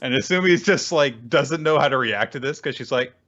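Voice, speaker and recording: A man's voice: mid-range voice, fairly quick, a bit bright, dull audio. A man co-hosting a casual manga recap podcast, commenting wryly and laughing often. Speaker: podcast co-host.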